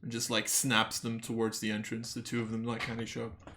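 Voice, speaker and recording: A man narrating a tabletop game as game master, in loose, relaxed talk with fillers. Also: medium pitch, brisk, very noisy.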